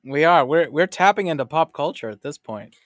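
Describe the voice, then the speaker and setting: A man's voice: on the high side, animated, a little fast. A man co-hosting a casual podcast, answering with dry jokes. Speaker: podcast co-host.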